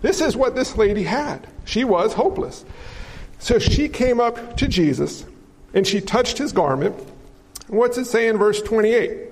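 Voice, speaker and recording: A man preaching a sermon as pastor, animated, asking the congregation questions and telling stories. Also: high-pitched, unhurried, big-room sound, a little hiss or hum, low-quality recording.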